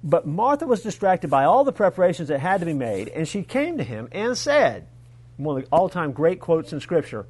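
A male pastor preaching a sermon, retelling a story in an animated way with humorous asides to the congregation. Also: on the high side, normal speed, breathy edge.

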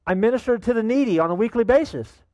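A man's voice: very high-pitched, animated, fast, darkish tone, dry recording, dull audio, voice pushed up. A man voicing an eager older man who stammers as he lists his good deeds to get into heaven. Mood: pleading. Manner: anxious, stammering, listing his merits.

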